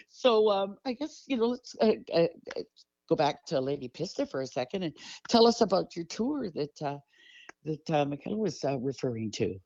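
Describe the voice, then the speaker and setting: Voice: mid-range voice, sing-song, normal speed, a little mellow, no room sound, dull audio. A radio show host interviewing guests in a playful, joking way with plenty of laughter.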